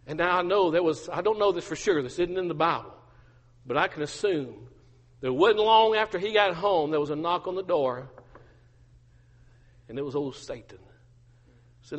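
A man's voice: a little high, moderate pace, long reverb tail. A male pastor preaching a sermon, emphatic and repetitive, with humorous asides.

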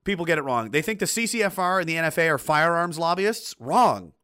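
A man's voice: on the high side, animated, fast talker, sharp tone, clear, resonant tone. A middle-aged man hosting a livestream who reads viewer chat aloud and rants bluntly and profanely, with lots of rambling restarts. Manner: blunt and profane, heated outbursts. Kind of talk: casual ranting commentary.

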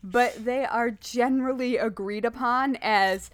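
A woman's voice: fairly high pitch, a little slow. A woman co-hosting a podcast, chatting casually and playfully. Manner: playful, rhyming intro read in a hushed spooky tone. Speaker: podcast co-host. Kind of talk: casual chat.

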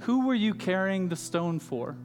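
A calm, patient teacher who gives measured instructions, voiced by a preacher. The voice is fairly high and echoes through a hall with faint music behind it. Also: male voice.

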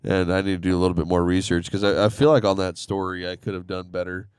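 A man's voice: low voice, little pitch movement, fast talker, a little mellow, clean tone, no room sound, clean studio sound. A man co-hosting a casual Christian podcast, talking earnestly and rambling a little, then leading a heartfelt prayer from a church office. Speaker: podcast co-host. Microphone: headphones on a call.

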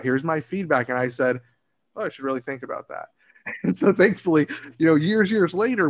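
A man in his late thirties talks through his thoughts in a relaxed, rambling way, circling back and restarting sentences as he goes. His voice sits at an ordinary middle pitch. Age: 30s. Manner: reflective, rambling, frequent restarts and laughs. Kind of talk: casual conversation.

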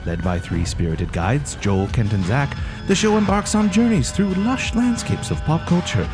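A man putting on the voice of an older British nature documentary narrator, speaking slowly and grandly in a mock documentary intro. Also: on the high side, expressive, music in the background, voice pushed up, close to an everyday voice. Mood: reverent. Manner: slow, grand, hushed delivery.

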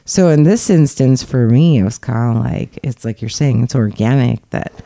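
A woman's voice: very deep voice, moderate pace, creaky, dark tone, no echo, studio quality. A woman talking frankly in a casual podcast chat, chatty and laughing often.

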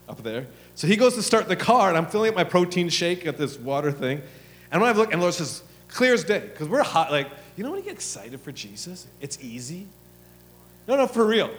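A man preaching a sermon, telling a story with lively acted lines, then dropping into hushed prayer. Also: sits high, fairly quick. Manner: animated storytelling, acts out his own and God's lines, drops to hushed prayer. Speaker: pastor. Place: church hall. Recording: long hall reverb with soft music.

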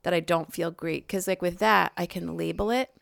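A woman's voice: fairly low pitch, steady tone, moderate pace, vocal fry, no echo, clean studio sound. A middle-aged woman co-hosting a podcast, rambling and laughing as she tells family stories. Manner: rambling, self-interrupting, laughing storyteller. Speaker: podcast co-host. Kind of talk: casual chat.

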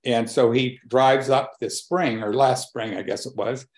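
A man in his seventies giving a reflective talk with personal stories, unhurried and thoughtful, often pausing to search for words. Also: mid-range voice, steady tone, a little mellow. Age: 70s. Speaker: speaker on conversation and collaboration.

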